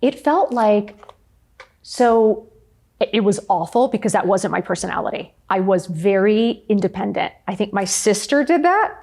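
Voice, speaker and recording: A middle-aged woman talking frankly as a podcast guest, telling her story with lively acted-out quotes. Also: mid-range voice, normal speed. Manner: frank, animated storytelling, often acts out quotes. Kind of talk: candid interview conversation.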